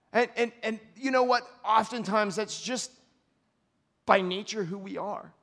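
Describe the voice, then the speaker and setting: Shifting from quiet, reflective moments to loud outbursts, a male pastor delivers an earnest, confessional sermon to a church congregation in a high voice.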